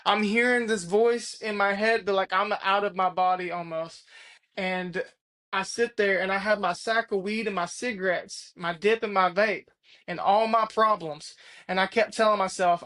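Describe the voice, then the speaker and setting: A man's voice: high voice, steady tone, normal speed, fairly bright tone. A man tells his personal faith testimony in an earnest, emphatic way. He circles back and repeats key phrases for weight. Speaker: testimony speaker.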